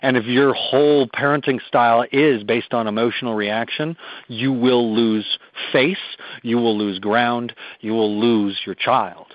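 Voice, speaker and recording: A man's voice: medium pitch, steady tone, a little slow, no echo. A man on a radio talk show, giving earnest, emphatic parenting advice as a guest expert. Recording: dull dry radio audio.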